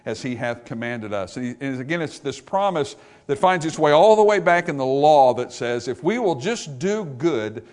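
A man preaching a sermon as pastor, moving from steady Bible teaching to loud, emphatic repetition with questions to the congregation. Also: mid-range voice, moderate pace.

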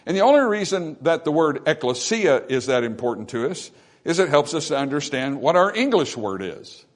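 A man's voice: a little high, sing-song, normal speed. A man preaching a sermon from the pulpit, emphatic and repetitive, calling out "amen" to the congregation. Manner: repeats phrases for emphasis. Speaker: pastor.

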